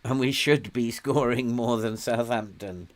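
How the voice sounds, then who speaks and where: Older welsh bloke streaming a footy game, chatty, egging on his players, mid pitch. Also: a little slow. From Wales. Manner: chatty, coaxes and scolds his virtual players, chuckles often. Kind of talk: casual gameplay commentary.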